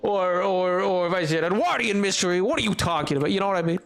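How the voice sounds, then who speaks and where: Man, high-pitched voice, gaming streamer, casual rambling chat, joking with viewers, soft music underneath. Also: fast.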